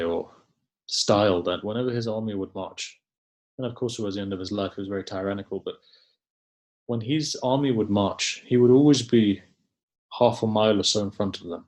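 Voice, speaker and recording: A man with a fairly low voice preaches a sermon. He tells it as a story, in a conversational way, and often turns to the congregation with casual asides. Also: darkish tone. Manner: conversational, tells stories with frequent "you know" asides. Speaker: religious scholar giving a sermon.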